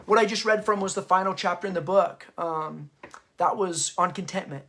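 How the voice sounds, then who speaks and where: This high-voiced man, a host and parenting author, gives an unscripted history talk. His slightly bright voice carries impassioned, stirred-up energy, though he halts frequently, stopping and starting over.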